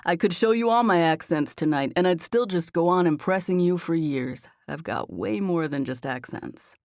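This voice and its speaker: A woman voicing a playful, confident young man who jokes around in a relaxed, teasing way, in a slightly lower version of her own voice. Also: moderate pace, dry recording, studio quality, natural voice. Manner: teasing, relaxed, self-assured.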